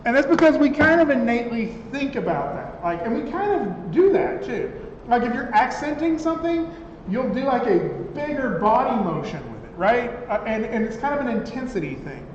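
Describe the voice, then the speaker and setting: A high-pitched man teaching a class in a conversational way, often checking with the room. The sound is echoey with a long reverb tail, a dull lo-fi quality and faint room noise. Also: sing-song, normal speed. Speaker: instructor. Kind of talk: classroom software lecture.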